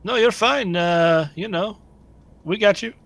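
A man's voice: high-pitched, unhurried, gravelly, fairly bright tone. A man playing a tabletop game, answering the game master in an easygoing way with short replies. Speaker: player. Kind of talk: casual tabletop game chat.

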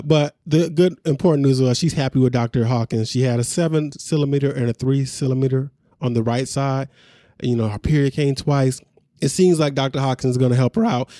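A man's voice: medium pitch, dark tone, no room sound, studio quality. A man co-hosting a podcast, casually recapping a reality show episode in a laid-back, chatty way. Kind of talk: casual chat.

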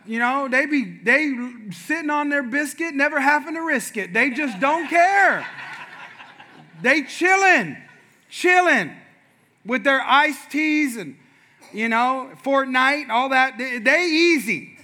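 A man's voice: extremely high pitch, animated, slow pace, sharp tone. A middle-aged male pastor telling a funny family story in a playful, conversational sermon, calling out to the congregation.

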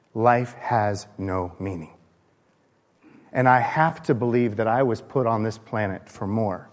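Impassioned preacher in an echoing hall. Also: male voice. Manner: impassioned, swings from loud high bursts to low hushed lines. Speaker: pastor. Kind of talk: sermon. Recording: long hall reverb.

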